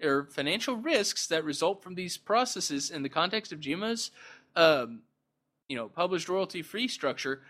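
Podcast host, male, slightly high-pitched, reads news then mocks it with dry sarcasm and stumbling asides. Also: a bit bright. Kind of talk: casual news commentary.

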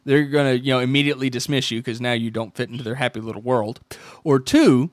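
A man's voice: mid-range voice, steady tone, fast talker, no echo, clean studio sound. A man hosting a podcast in casual chat, telling rambling stories and acting out quoted dialogue. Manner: rambling storyteller, acts out quoted dialogue with restarts. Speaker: podcast host.

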